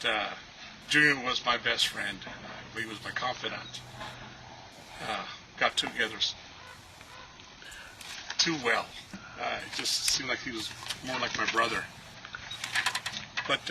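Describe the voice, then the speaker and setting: A man, a friend and actor, giving a relaxed, heartfelt memorial tribute with many filler pauses. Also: mid-range voice. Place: outdoors at a ranch. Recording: steady background noise.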